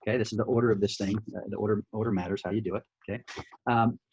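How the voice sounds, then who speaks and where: Fast-talking husky man training salespeople. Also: on the low side, fairly even intonation, a little mellow. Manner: fast, chatty, full of restarts and "right?" checks. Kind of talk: screen-share sales training. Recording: dull lo-fi audio.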